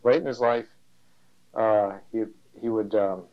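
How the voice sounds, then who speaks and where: An older man recalling weekend sailing trips in a casual, halting way. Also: on the low side, fairly even intonation. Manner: halting, hesitant storytelling. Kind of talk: casual reminiscing. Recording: dull lo-fi recording.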